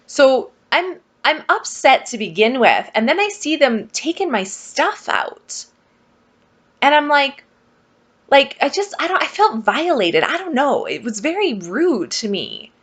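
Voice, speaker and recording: A woman telling a personal story to her viewers in a casual vlog, animated and exasperated. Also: sits high, unhurried. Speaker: vlogger.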